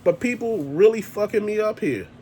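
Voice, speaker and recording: A male host launches into a blunt, emphatic rant, swearing freely as he drives each point home. His voice sits a little higher than most men's. A faint background hiss runs under the talk. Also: animated, normal speed, warm tone. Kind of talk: ranting monologue.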